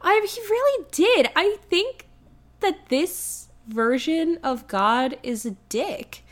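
A woman's voice: extremely high pitch, slow pace. A woman in casual chat about a film, retelling scenes with quoted lines and frequent swearing. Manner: animated, swears, acts out movie lines.

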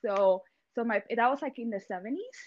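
A woman's voice: fairly high pitch, animated, a little fast, a little mellow, lo-fi sound. Chatty young woman from Venezuela. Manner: chatty, many fillers like "like" and "you know". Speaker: guest, ophthalmologist. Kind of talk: casual interview chat.

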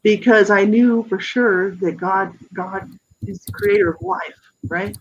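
A middle-aged guest author giving a personal testimony in an interview, earnest and halting, with many restarts. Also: medium pitch, slightly rough, highs cut off.

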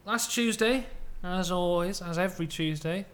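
British podcast co-host, dry storyteller, spins silly tall tales. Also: male voice, high-pitched, moderate pace. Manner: playful, deadpan tall tales. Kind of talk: comic storytelling.

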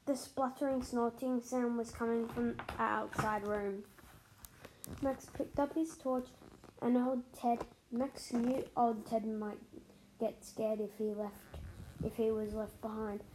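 A woman reading a children's story aloud, expressive, with dramatic pauses and sound words. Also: a little high, a little hiss or hum, rough recording.

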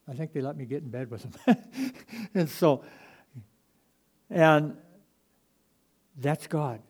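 A man preaching a sermon to his congregation, moving between loud emphatic passages and quiet, hushed asides. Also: a little high, measured pace, pauses often, breathy edge. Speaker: pastor.

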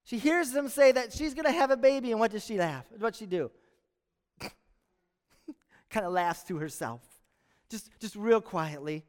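Male pastor, sermon, high voice, humorous storytelling, long church reverb. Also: moderate pace. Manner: lively storytelling with humor, acting out quotes. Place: church sanctuary.

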